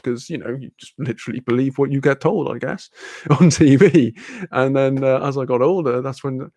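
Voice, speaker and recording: A man's voice: medium pitch, fairly quick, a little mellow, dry recording. A young man chatting casually on a livestream, rambling and swearing freely. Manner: rambling, swearing, laughing often. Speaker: streamer.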